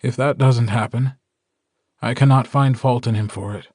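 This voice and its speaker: A man voicing a calm, kindly male werewolf alpha in an audiobook, speaking in a measured, gentle way. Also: medium pitch, no room sound, studio quality, natural voice. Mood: solemn. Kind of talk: audiobook character dialogue.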